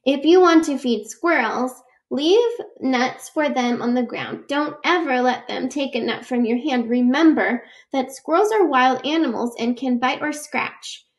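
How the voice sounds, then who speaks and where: A woman with a high voice reads a children's book aloud at an unhurried, careful pace. She explains each fact patiently and stops now and then for small personal asides. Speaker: read-aloud reader.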